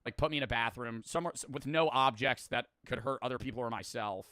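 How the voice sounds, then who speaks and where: A man's voice: medium pitch, pushed and bright, smooth, dry recording, studio quality. A man hosting a reaction video, rambling casually, swearing and joking about himself. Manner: rambling, profane, self-deprecating, quick to laugh.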